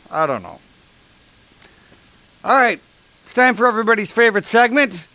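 A man hosting a comedy podcast, delivering sarcastic, deadpan rants and mock sponsor ads. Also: high-pitched, moderate pace, pauses often, no room sound. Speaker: podcast host. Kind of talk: comedic monologue.

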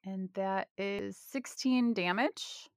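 A woman's voice: mid-range voice, slow pace, no room sound, clean studio sound. A woman playing in a tabletop game, calling out her moves and rolls in a matter-of-fact way. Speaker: player. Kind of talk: casual game table talk.

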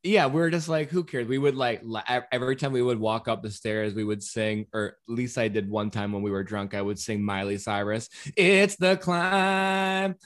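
A man's voice: lowish voice, steady tone, brisk, few pauses. A man co-hosting a casual chat show from his apartment, telling stories in a rambling way with lots of ums and casual swearing. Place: apartment in New York.

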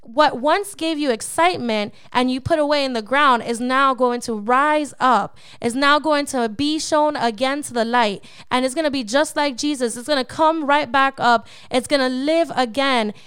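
A woman's voice: sits high, normal speed, few pauses, fairly bright tone, clear, resonant tone, dry recording, studio quality. A woman co-hosting a devotional Bible podcast, teaching in an emphatic, preacherly way and often checking in with the listener. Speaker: podcast co-host.

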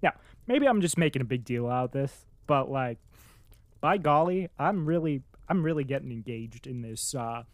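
An excitable, chatty voice of middling pitch that reads a passage from a classic novel aloud, then gushes about it with plenty of "like"s. The sound is dry and close, with no room around it. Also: moderate pace, dry recording. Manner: excitable, many filler "like"s, acts out its own reactions. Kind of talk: reading aloud, then casual book commentary.

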